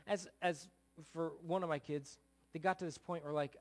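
A middle-aged male pastor preaching a sermon, earnest, swinging between loud bursts and soft, low asides. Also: expressive, moderate pace.

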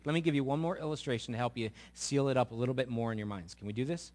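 A man's voice: medium pitch, very fast, hardly any pauses, darkish tone. A male pastor giving a sermon in a conversational, storytelling way with emphatic asides.

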